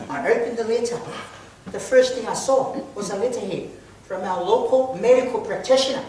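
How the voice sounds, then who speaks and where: A man giving a humorous contest speech with deadpan comic storytelling in a large hall. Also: extremely high pitch, fairly quick. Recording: echoey hall from far off, loud noise.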